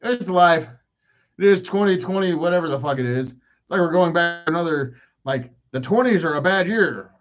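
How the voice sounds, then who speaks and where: Guy in his 40s ranting and cursing on his own podcast, kinda high voice, dull lo-fi sound. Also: expressive, moderate pace. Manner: profane, self-mocking rants. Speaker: podcast host. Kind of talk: rambling solo podcast monologue.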